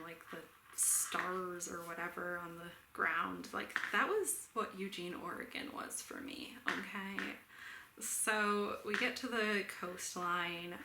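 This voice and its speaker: Young woman, bright tone, casual chatty storyteller who laughs easily; roomy echo, faint background hiss. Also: medium pitch. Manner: chatty, laughs often, many "like" fillers. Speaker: knitting vlogger.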